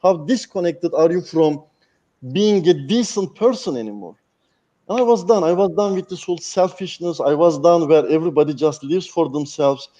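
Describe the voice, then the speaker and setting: A man's voice: a little high, animated, normal speed, mellow, lo-fi sound. A man, a guest speaker talking candidly and passionately, swearing freely. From Turkey. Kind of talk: candid interview talk.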